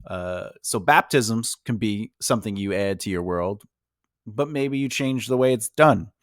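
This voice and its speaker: A man's voice: on the low side, a little slow, no echo, studio quality. A man from New York with a New York accent, hosting a casual writing lesson and rambling with lots of fillers. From Long Island and Brooklyn, New York. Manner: rambling, filler-heavy, conversational. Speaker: writing coach host. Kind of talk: casual teaching monologue.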